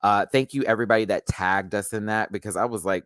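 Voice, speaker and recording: A fast-talking man hosts his own YouTube channel, telling a story as a casual rant and animatedly acting out what people said with big jumps in pitch. The audio is studio quality with no room sound.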